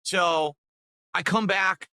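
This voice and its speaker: A man's voice: sits high, steady tone, slow, pushed and bright, smooth, no echo. A man chatting casually on a live stream, rambling and repeating himself as he talks to viewers.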